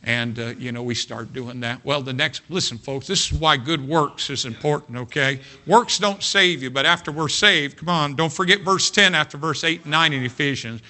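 A man preaching a sermon built around a personal story, folksy, full of "you know what", swinging between hushed and loud. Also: on the high side, normal speed, hardly any pauses.

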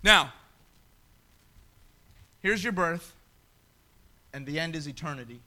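A man preaching a sermon in a church, swinging between shouted appeals and quiet asides. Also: fairly high pitch, animated, slow. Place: church sanctuary.

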